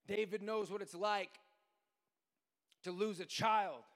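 A man preaching a sermon as pastor, going from quiet storytelling to shouted, sing-song preaching. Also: high voice, steady tone, slow, long reverb tail. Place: church sanctuary.

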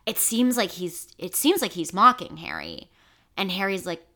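A woman co-hosting a podcast in casual chat, talking fast and loosely with lots of fillers. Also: fairly low pitch, wildly swooping pitch, sharp tone. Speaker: podcast host.

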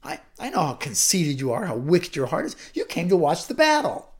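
A woman's voice: deep voice, wildly swooping pitch, a little fast. A woman voicing an angry young man scolding his younger brother, with a stammer.

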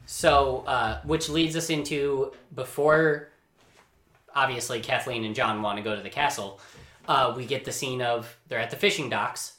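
A man's voice: mid-range voice, normal speed, a bit bright. A man on a podcast recapping a movie in a rambling casual way, acting out the characters' lines. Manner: rambling storyteller, acts out quotes. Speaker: podcast co-host. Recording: roomy echo.

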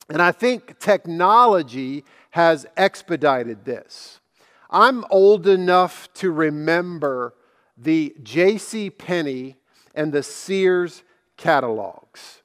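A middle-aged male pastor delivers a sermon in a high, bright voice. He tells stories slowly and leans on his key words. The voice carries a long reverb, as in a large hall. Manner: slow, emphatic preaching with storytelling.

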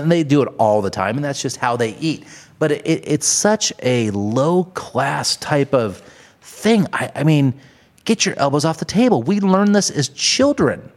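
A man hosting a podcast, ranting in a casual, comedic way, swearing often and laughing at his own jokes. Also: mid-range voice. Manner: profane, laughing, exaggerated ranting. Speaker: podcast host.

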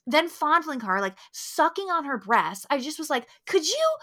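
Animated, bright-voiced woman ranting. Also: sits high, normal speed. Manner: emphatic, profane ranting. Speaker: podcast co-host. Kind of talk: casual film review chat.

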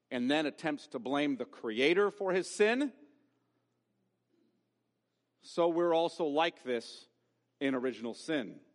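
A man's voice: mid-range voice, long reverb tail. A man preaching a sermon as pastor, emphatic and given to rhetorical questions. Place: church sanctuary.

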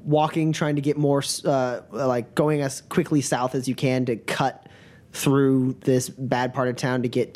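A man's voice: medium pitch, a little mellow. A man narrating as game master in a tabletop game, rambling with many fillers.

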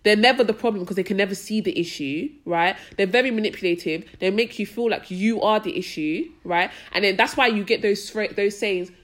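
A young woman talks in a middle-pitched voice on a casual podcast. She is opinionated and emphatic, and her speech is full of slang. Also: brisk, few pauses. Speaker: podcast co-host. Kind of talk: casual chat.

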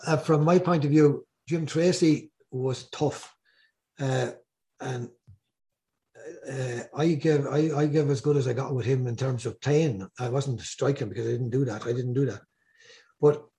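An older Irish man telling rambling, animated stories as a guest on a casual podcast. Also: mid-range voice, gravelly. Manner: rambling, animated anecdotes with repeated words.

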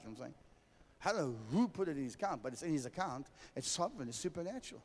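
A South African pastor preaching in a high, lively voice that swings widely in pitch. He speaks to his congregation directly and forcefully, and the sound carries a long hall reverb. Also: rapid-fire. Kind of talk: sermon. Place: church hall.

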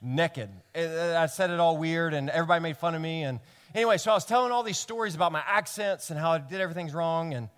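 A man from Tennessee with a Southern accent, preaching a sermon as pastor, earnest and animated, building to emphatic peaks. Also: a little high, fast talker, smooth, long reverb tail. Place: church sanctuary.

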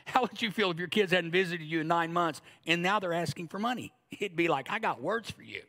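A man's voice: sits high, brisk, a bit bright. A man in his fifties preaching a sermon, joking and acting out little asides in a conversational way. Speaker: pastor.

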